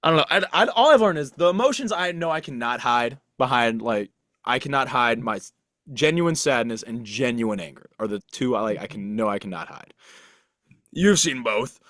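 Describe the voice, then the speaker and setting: A man's voice: medium pitch, lively intonation, moderate pace, a bit bright, dry recording, clean studio sound. Young man rambling in casual chat. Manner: rambling, self-deprecating, many restarts and fillers. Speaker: podcast co-host.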